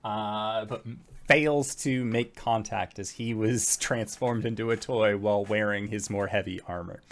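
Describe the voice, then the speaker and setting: A man's voice: lowish voice, fairly even intonation, unhurried, a little hiss or hum. A man narrating as game master of a tabletop game, loose and full of fillers.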